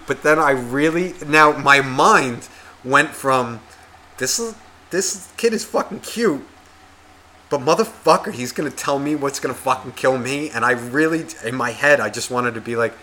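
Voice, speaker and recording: Podcast co-host, male, bright tense voice, profane, rambling anecdote with voices thrown in. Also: mid-range voice, normal speed, a little hiss or hum. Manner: heavy swearing, rambling, animated retelling with acted quotes. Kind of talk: casual storytelling chat.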